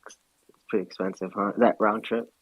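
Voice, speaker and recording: A man's voice: fairly low pitch, flat delivery, brisk, slightly rough, no room sound, poor audio. A man chatting casually on a live audio call, laid-back and slangy, stumbling over his words. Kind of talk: casual chat.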